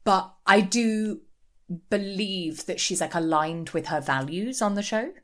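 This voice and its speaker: A woman from the UK co-hosting a podcast, chatting casually and quickly with frequent laughs. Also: mid-range voice. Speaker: podcast co-host. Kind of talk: casual chat.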